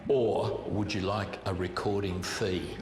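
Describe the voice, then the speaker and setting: An older man telling a lively anecdote as an interviewee, acting out quoted voices. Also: low voice, slow pace, reverberant, loud music behind the voice. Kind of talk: anecdotal storytelling.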